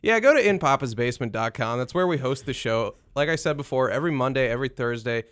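A man's voice: mid-range voice, lively intonation, fast talker, fairly bright tone. A man co-hosting a podcast in casual chat, sardonic and crude, his voice jumping up when he rants. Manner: sardonic, crude joking, voice jumps up when ranting. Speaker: podcast co-host.

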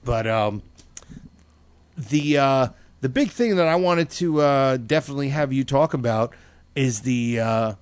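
A man's voice: mid-range voice, unhurried, clean tone, no room sound. A man hosting a talk show, bantering mockingly and rambling with fillers. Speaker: radio show host.

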